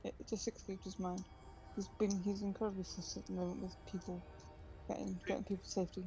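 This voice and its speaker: A woman's voice: medium pitch, level tone, mellow, soft background music, lightly acted. A woman voicing a flustered, out-of-breath male village butcher in a tabletop game. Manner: rushed, breathless.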